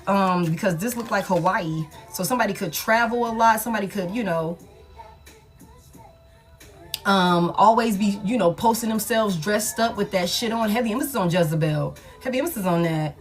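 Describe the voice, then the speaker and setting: A woman gives a casual tarot reading in a slangy, emphatic manner, repeating points and swearing freely. Her pitch is mid-range for a woman. Soft music runs faintly underneath. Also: moderate pace. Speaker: tarot reader.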